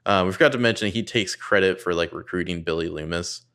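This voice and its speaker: Man, very low voice, sardonic profane recapper, casual podcast chat. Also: quick pace, fairly bright tone.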